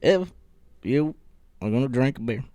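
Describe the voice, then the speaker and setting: A man's voice: medium pitch, expressive, normal speed, dark tone, no echo, lo-fi sound, natural voice. A man doing a tipsy Irish man who praises beer, in a mumbling attempt at an Irish accent. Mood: boozy.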